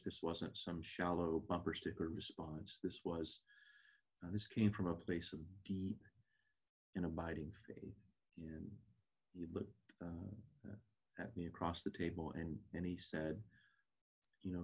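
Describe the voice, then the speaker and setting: A man's voice: sits low, a little mellow, breathy edge. A man teaching a Bible class lesson in an earnest, reflective way.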